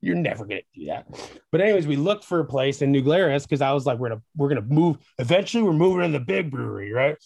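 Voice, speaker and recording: Excitable man telling a rambling story. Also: fairly high pitch, very fast, gravelly, hardly any pauses, no room sound. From Wisconsin, USA. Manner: excitable, rambling, acts out quoted dialogue. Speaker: distillery founder, guest. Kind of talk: animated storytelling in an interview.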